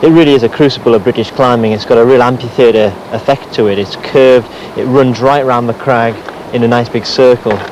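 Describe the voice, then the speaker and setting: A man's voice: medium pitch, fairly even intonation, brisk, hardly any pauses, a little mellow. Enthusiastic man outdoors at a cliff. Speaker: climber. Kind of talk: explaining to camera. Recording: dull outdoor recording with faint noise.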